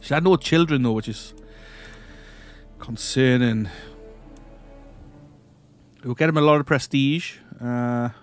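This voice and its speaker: A man's voice: medium pitch, slow, pauses often, faint music behind. A man hosting a let's-play, casually thinking aloud as he plays a strategy game, often trailing off and restarting. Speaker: gaming channel host.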